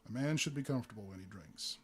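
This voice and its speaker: A gruff bar owner with a whiskey baritone who speaks tersely and solemnly, as a male reader plays him. His lines come out quickly, close to the reader's own voice. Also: lively intonation, faint music behind.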